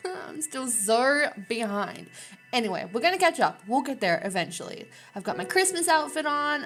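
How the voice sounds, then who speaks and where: A woman's voice: a little high, fairly bright tone. A woman hosting a casual let's-play of a story game, chatty and giggly, reading the dialogue aloud.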